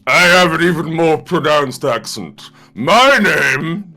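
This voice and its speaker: A man's voice: fairly high pitch, animated, slow, bright, forceful tone, soft background music, voice pushed up, exaggerated voice. A man voicing a ridiculously posh male clerk with an overblown, exaggerated accent. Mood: absurd.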